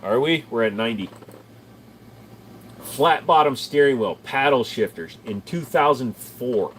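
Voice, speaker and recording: A man's voice: mid-range voice, animated, unhurried, fairly bright tone, slight background noise. Casual rambling man chatting on stream. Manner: rambling, profane, answers chat. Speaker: streamer reading chat. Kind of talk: casual live-stream chat.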